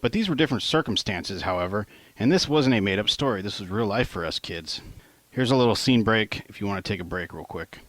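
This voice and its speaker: A man reads his own first-person novel aloud, low-pitched and relaxed, tossing in offhand asides and the odd swear word. The recording is dry and close, with no room sound. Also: fairly quick, no echo. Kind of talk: first-person audiobook narration.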